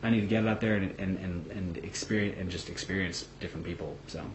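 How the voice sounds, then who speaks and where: A man's voice: sits low, steady tone, fast. A man talking casually to camera in a vlog, blunt and swearing, with lots of fillers and restarts. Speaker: vlogger. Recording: echoey room with faint background noise.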